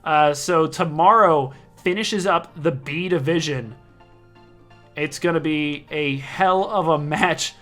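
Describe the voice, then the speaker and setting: Hosting a live online darts broadcast, a man introduces players and standings in a casual, joking manner, often correcting himself mid-sentence. His voice is a little high and a bit bright, he speaks slowly, and soft music plays in the background.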